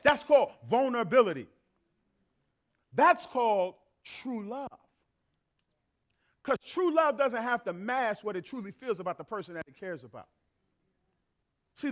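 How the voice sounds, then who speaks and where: A man's voice: very high voice, a bit bright. A man in his thirties preaching a sermon, blunt and playful, talking straight to the congregation.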